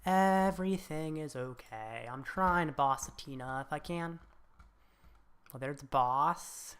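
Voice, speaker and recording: A woman's voice: a bass voice, unhurried, fairly bright tone, clear, resonant tone. A woman giving casual, muttered commentary while playing a card game, reassuring herself that every setback is fine.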